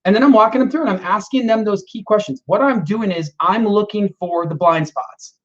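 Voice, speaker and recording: Casting note: male podcast regular, high voice, acts out client calls in a dull lo-fi recording. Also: fairly quick. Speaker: loan officer, podcast regular. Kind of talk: casual podcast talk.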